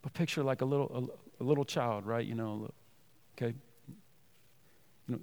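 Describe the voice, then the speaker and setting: A male pastor delivers an earnest sermon in a mid-pitched voice with a gravelly edge. He reads scripture with force, then drops to soft, tender tones as he explains it. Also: moderate pace, pauses often.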